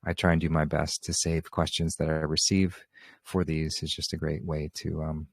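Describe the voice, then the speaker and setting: Deep-voiced man hosting a group call. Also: little pitch movement, normal speed, dry recording, studio quality. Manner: easygoing, rambling with fillers. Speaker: host of a call-in question session. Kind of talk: casual spiritual talk on a group call. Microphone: video call.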